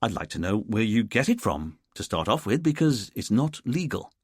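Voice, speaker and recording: A man's voice: fairly low pitch, sing-song, normal speed, slightly rough, dry recording, clean studio sound. A man voicing a fussy, pedantic male detective inspector in an audiobook, speaking in a teacherly way.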